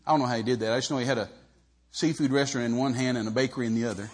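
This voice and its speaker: A man preaching a humorous storytelling sermon in a folksy way, swinging between loud and soft and acting out the people in the story. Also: mid-range voice, steady tone, racing, noisy background. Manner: folksy, acts out Bible characters with voices, swings loud and soft.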